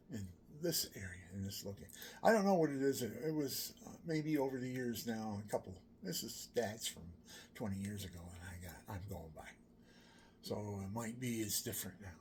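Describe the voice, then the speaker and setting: A man in his sixties telling a rambling personal story, drifting between whispered asides and loud exclamations. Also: medium pitch, animated, moderate pace, gravelly, a little hiss or hum. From Pennsylvania, USA. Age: 60s.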